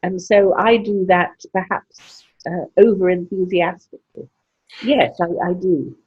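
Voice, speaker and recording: An older woman with a posh, cut-glass English accent, her voice low and deeply husky. She speaks with crisp, deliberate diction and a frank, salty edge. The recording sounds slightly dull and lo-fi. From England. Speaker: interviewee. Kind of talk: conversational interview. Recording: muffled lo-fi sound.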